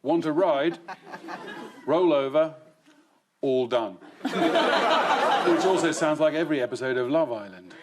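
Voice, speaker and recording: A quiz show host with a voice on the high side and big pitch swings speaks slowly, pausing often, with background noise present. In a television studio he reads questions for a comedy news quiz and lands set-up jokes with dry, wry punchlines.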